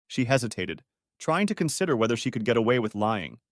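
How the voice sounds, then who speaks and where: A male narrator reading a dramatic story with lively, rising and falling pitch. The sound is dry and close, with no room. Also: a little fast, no echo.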